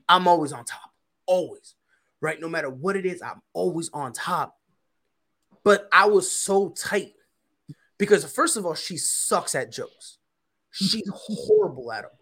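A man's voice: sits high, a bit bright, breathy edge. A man co-hosting a podcast, telling a story in a casual, slangy way and often repeating himself. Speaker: podcast co-host.

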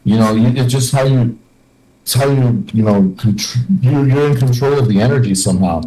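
A man's voice: mid-range voice, moderate pace, mellow, rough recording. A young man chatting on a podcast in a loose, rambling way, restarting his sentences often. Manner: rambling, many restarts and fillers. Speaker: podcast host. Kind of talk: casual podcast chat.

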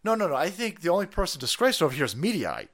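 A man's voice: fairly high pitch, wildly swooping pitch, quick pace. Profane ranting livestream man. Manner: profane, sarcastic, shouting outbursts. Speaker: livestream host. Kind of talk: ranting political commentary.

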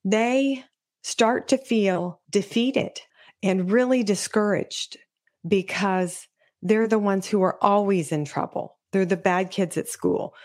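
A middle-aged woman talks parents through their children's behavior in a sincere, instructive manner. Her voice sits in an ordinary middle pitch. Now and then she briefly voices a scolding parent or a discouraged child. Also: darkish tone. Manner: earnest, explanatory, acts out parents' and kids' voices. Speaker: podcast host, children's sensory specialist. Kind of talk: solo podcast talk.

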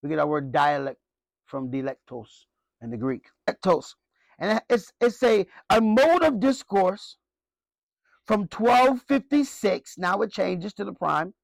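A male pastor delivers a sermon, moving between scripture reading and emphatic, conversational explanation. His voice sits high and carries a gravelly edge. The sound is dry and close, with no room around it. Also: animated, measured pace, no room sound, low-quality recording. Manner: emphatic, conversational preaching with repeated rhetorical questions.

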